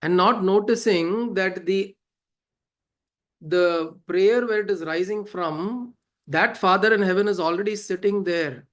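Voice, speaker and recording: A man giving a spiritual discourse, animated and laughing often as he acts out quoted voices. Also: high-pitched, unhurried. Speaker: spiritual teacher.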